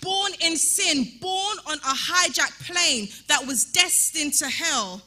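A woman preaching a sermon in a church, emphatic and repetitive, rising at times to shouting. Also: sits high, lively intonation, takes it slowly, faint music behind. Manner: emphatic, repeats rhetorical calls, rises to shouting.

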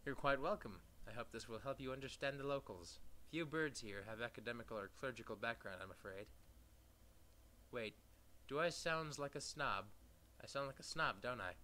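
A man doing a snobbish scholarly bird from a video game, formal and a little condescending, with a bright, forward tone. He keeps apologizing for insulting people while still talking down to them. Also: mid-range voice, normal speed, slight background noise, lightly acted. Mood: haughty polite. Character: pompous scholarly bird, adult male.

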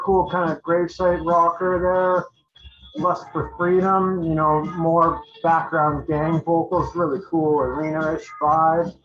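A man's voice: on the high side, fairly bright tone. A man casually running through albums he owns, talking in a loose, rambling way with many fillers and restarts. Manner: enthusiastic metal fan talk. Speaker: channel host reviewing albums. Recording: dull lo-fi recording.

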